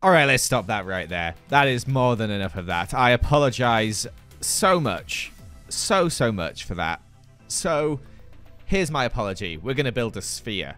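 A man's voice: medium pitch, big pitch swings, a little slow, a bit bright, soft background music. A young man hosting a gaming video, talking through his build in a goofy, self-mocking commentary style. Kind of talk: playful gameplay commentary.

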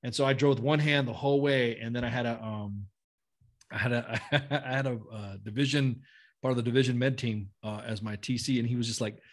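A man's voice: medium pitch, steady tone. A middle-aged man for whom English is a second language, telling stories bluntly and profanely in casual conversation. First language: not English. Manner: blunt, profane, quick-talking. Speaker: podcast guest, retired army sergeant major. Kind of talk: casual storytelling.

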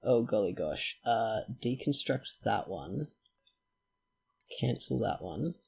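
A gravelly, husky-voiced man narrating his gameplay. He talks at an unhurried pace, chatting to himself and the characters on screen, and he is quick to get excited. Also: lowish voice. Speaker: let's play host. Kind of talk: gameplay commentary.

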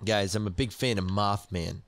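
A young man in his twenties, a let's play gamer, narrates his own gameplay casually in a lowish voice at normal speed. He startles easily, letting out yelps and shrieks.

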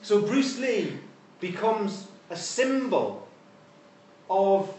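A man's voice: high-pitched, big pitch swings, very slow, a little mellow, a little hiss or hum. A man giving an informal university lecture with wry, conversational asides. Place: lecture hall. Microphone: distant room mic. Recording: echoey hall from far off.

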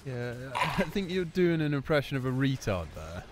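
A man's voice: medium pitch, sing-song, normal speed, heavy background noise. A man in game voice chat making dry, sarcastic remarks and giving team updates. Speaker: gamer. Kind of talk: voice chat during online game.

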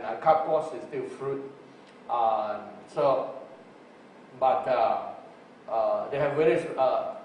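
A male preacher teaching on Greek word roots in a sermon, slow and full of fillers. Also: mid-range voice, a little mellow. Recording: roomy distant recording with faint hiss.

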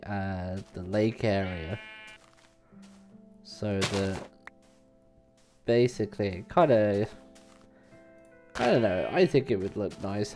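A man talks through his gameplay in a slow, unhurried way. He rambles and hesitates, filling gaps with ums and uhs. Faint game music plays behind him. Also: fairly low pitch, darkish tone. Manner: hesitant, rambling, many fillers. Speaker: let's play host. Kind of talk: casual gameplay commentary.

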